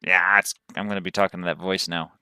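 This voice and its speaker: A man's voice: low voice, flat delivery, very fast, pushed and bright, smooth. A man from the southern United States giving chatty, rambling commentary as he plays a game on a livestream. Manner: chatty, rambling, thinks aloud while playing. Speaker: game streamer.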